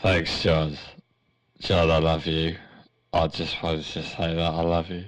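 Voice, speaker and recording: A man's voice: extremely low pitch, level tone, slow pace, rough recording. A man playing an overemotional, lovesick male sports reporter in a comedy sketch, gushing and pleading. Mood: doting. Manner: gushing, sobbing pleas.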